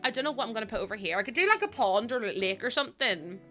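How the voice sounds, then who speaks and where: A woman live-streams from home, talking into a desk microphone in a loose, rambling way full of fillers. Her voice is bright and sits a little high. Soft music plays faintly underneath. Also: big pitch swings, rapid-fire. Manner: chatty, rambling storyteller with frequent fillers and laughs. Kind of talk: casual live-stream chat while playing a game.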